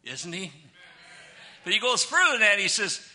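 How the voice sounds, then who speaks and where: An older man delivers a sermon in a fairly high, piercing voice. He draws out scripture verses slowly and swings from loud declarations down to quiet, low asides. His tone stays forceful and bright throughout. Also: very animated. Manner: emphatic preaching, slow drawn-out scripture reading, big swings between loud and soft. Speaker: pastor.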